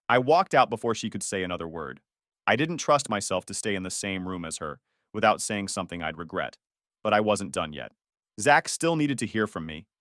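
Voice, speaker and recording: An expressive male narrator recounting a family drama in the first person, his pitch swinging widely as he tells it. The recording is dry and close, with no room around the voice. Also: dry recording. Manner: emotional, with angry outbursts in quoted lines.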